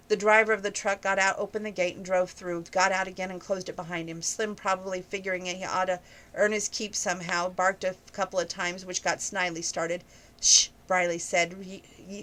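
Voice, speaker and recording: A woman reading a romance novel aloud at an even pace, now and then noting page numbers. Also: medium pitch, poor audio. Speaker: book reviewer reading aloud.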